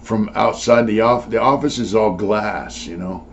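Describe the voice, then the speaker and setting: An older man with a very low voice recounts his past in a loose, rambling way, full of fillers and blunt profanity. The recording is dull and lo-fi, with a faint hiss underneath. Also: unhurried. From California. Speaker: former prisoner telling his story. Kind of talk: casual storytelling. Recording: dull lo-fi sound with faint noise.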